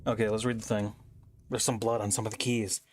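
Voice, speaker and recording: A man's voice: on the low side, little pitch movement, a little fast. A young man streaming a game from home, thinking aloud in casual, rambling commentary as he reads puzzle text on screen.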